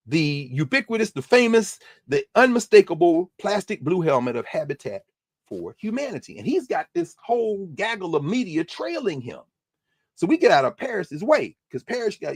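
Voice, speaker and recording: A man hosts a lecture-style podcast, telling stories in a conversational, animated way. His pitch rises and falls widely as he builds each point, and he often repeats words on the way. The recording is dry and close. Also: dry recording. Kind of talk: storytelling commentary lecture.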